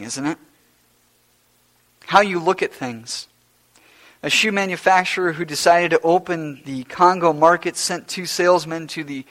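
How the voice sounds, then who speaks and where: A man preaching a sermon to his congregation, emphatic and repetitive, shifting between hushed asides and loud declarations. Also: sits high. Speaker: pastor. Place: church service before a congregation.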